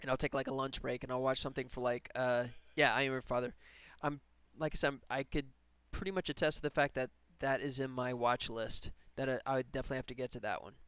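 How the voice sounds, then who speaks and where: A man's voice: mid-range voice, steady tone, quick pace, few pauses, a bit bright, clean tone, no echo. A man game developer chatting casually on a live stream while he works, rambling and laughing often. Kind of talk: casual livestream chat while working.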